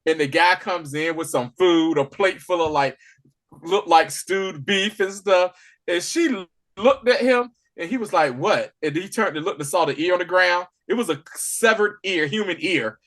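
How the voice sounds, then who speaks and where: A man co-hosting a podcast, casually recapping a TV episode in animated storytelling, acting out the characters' lines. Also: high voice, normal speed. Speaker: podcast co-host. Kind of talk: casual spoiler review chat.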